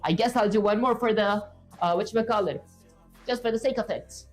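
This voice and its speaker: A woman streams herself writing code and chats loosely with viewers as she works. Her voice sits in a middle pitch and she rambles, filling gaps with stock filler words. Soft music plays underneath. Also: brisk. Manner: chatty, rambling, with filler words and self-talk. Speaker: streamer coding live. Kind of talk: casual livestream commentary while coding. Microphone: streaming setup with webcam.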